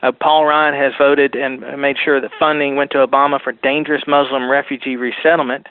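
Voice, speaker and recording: A man's voice: medium pitch, level tone, brisk. Talk radio caller, man, insistent and repetitive, phone-line sound. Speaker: political activist guest. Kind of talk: political talk radio interview.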